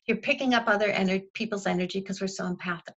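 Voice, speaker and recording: A woman's voice: medium pitch, fast talker, a bit bright, lo-fi sound. A woman leading a group call as a spiritual teacher, talking in an enthusiastic, repetitive way with playful exclamations. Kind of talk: guided spiritual coaching talk.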